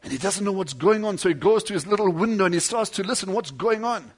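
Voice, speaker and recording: A man preaching a sermon, telling a story with dramatic swings between loud declamation and hushed low passages, acting out the lines of the people in it. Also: animated, fast. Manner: acts out quoted dialogue within the story.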